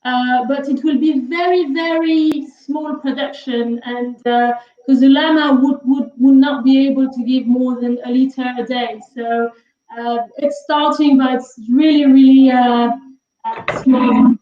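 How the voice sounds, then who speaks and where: A woman with a French accent talks slowly and haltingly, with a high voice and many pauses to search for words. Her voice comes through a dull, echoey video call connection. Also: fairly even intonation. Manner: hesitant, with many fillers and repeats. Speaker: cheese expert guest. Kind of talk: casual interview chat.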